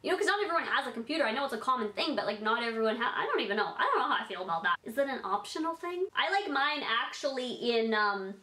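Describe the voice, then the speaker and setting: Bubbly young woman vlogger, high voice, rambly, lots of "like", echoey room. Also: big pitch swings, fast, hardly any pauses, pushed and bright. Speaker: YouTuber answering fan questions. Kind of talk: casual Q&A vlog.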